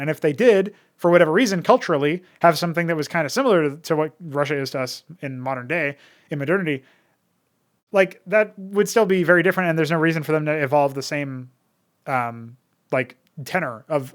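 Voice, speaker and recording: Rambling American man, fairly high voice. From United States. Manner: rambling, many fillers and restarts. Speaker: podcast host and modder. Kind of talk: casual solo talk.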